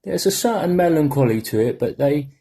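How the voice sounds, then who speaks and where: British man in his forties, rambling jokey podcast host, slightly high voice. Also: animated, brisk, dark tone, breathy edge. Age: 40s. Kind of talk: casual podcast chat.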